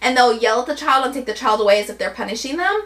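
High-voiced, frank young woman. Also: animated, racing, a bit bright. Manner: frank and opinionated, plays devil's advocate. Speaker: podcast co-host. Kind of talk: casual chat.

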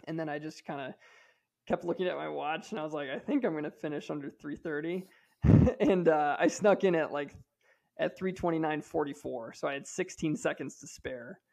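A chatty man in his thirties, a podcast co-host, tells a personal story with a slightly high, gravelly voice. He fills his talk with "like" and keeps restarting his sentences. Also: normal speed, darkish tone. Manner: chatty, many fillers and restarts. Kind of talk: casual storytelling.

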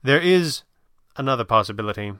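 A man reading an audiobook voices a polite, composed wealthy young gentleman who speaks in a courteous, measured, formal way. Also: mid-range voice, expressive, clear, resonant tone, no echo, clean studio sound. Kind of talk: audiobook narration.

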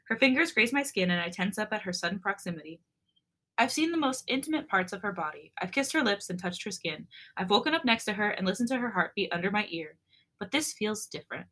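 A woman podcast co-host reading a romance fanfic aloud with an expressive voice, and chatting in an animated, giggly way. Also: mid-range voice, fast.

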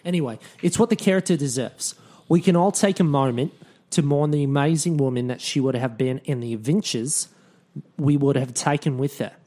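A man's voice: medium pitch, fairly quick, mellow. A man co-hosting a podcast in a casual, jokey, chatty way, full of asides. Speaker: podcast co-host.

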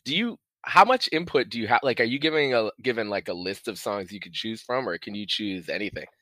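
Bright-voiced man hosting, lots of ums. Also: on the low side, lively intonation, fairly quick, no echo. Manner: hesitant, many ums and restarts, friendly laughs. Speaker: podcast host. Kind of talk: casual interview chat.

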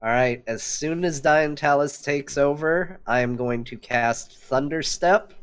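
A man playing in a tabletop game, explaining his moves deliberately. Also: on the high side, clean tone. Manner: deliberate, thinking aloud. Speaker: player. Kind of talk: casual tabletop play.

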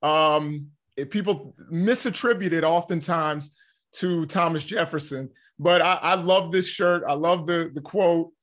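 A man's voice: on the high side, measured pace, a bit bright. Slightly breathless male co-host. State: a little out of breath. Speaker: talk show co-host. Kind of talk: casual chat and interview questions.

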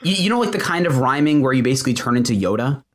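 Man, podcast co-host, medium pitch, rambling, dry humor, casual chat. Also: animated, rapid-fire. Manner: rambling, many fillers and restarts, dry jokes. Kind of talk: casual album-review chat.

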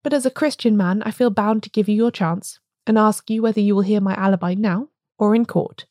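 A grim, fanatical village blacksmith of a storybook, put on by a woman reader. He speaks with calm, ponderous solemnity in a warm, mellow tone. The recording is close and dry. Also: medium pitch, normal speed, no echo, lightly acted.

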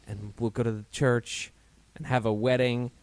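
A man's voice: medium pitch, little pitch movement, normal speed, clean tone, no room sound, lightly acted. An elderly Italian grandmother talks about a summer trip and a wedding, as a man quotes her in his own plain voice. The sound is dry and close. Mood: hopeful.

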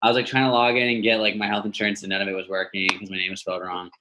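A man as a podcast guest, telling animated casual stories over a video call and swearing freely. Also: on the low side, very fast, rough recording. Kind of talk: casual storytelling chat. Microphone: device mic on a video call.

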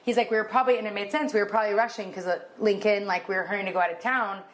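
A woman in her thirties, a podcast co-host telling a story in casual chat, animated, acting out dialogue in a raised voice, emotional and near tears. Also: mid-range voice, racing.

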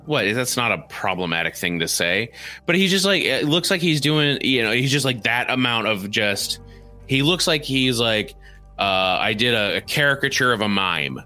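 Male podcast co-host, casual movie chat, animated and jokey, bright tone, faint music behind. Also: mid-range voice, moderate pace. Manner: animated, joking, slips into silly impressions.

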